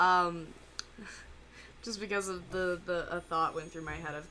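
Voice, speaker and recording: A woman giving casual, rambling reaction commentary full of fillers and pauses. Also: fairly low pitch, steady tone, sharp tone, slight background noise. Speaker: reaction video host.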